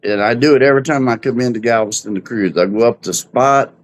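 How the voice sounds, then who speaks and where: A man, co-hosting a live cruise talk show, telling folksy stories in a relaxed, unhurried way. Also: mid-range voice. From Texas. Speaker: podcast co-host. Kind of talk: casual chat, storytelling.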